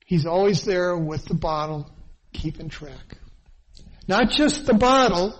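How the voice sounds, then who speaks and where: A man's voice: high voice, expressive, takes it slowly, rough recording. A man preaching a sermon, earnest and dwelling on phrases with emphatic repetition. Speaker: pastor.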